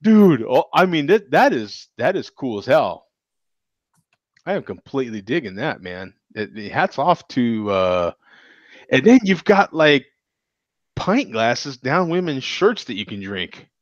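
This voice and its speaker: Animated, excitable man hosting a beer chat. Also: mid-range voice, a little slow, no room sound, dull audio. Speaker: host. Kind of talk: casual chat over beers on a live video show. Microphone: video call.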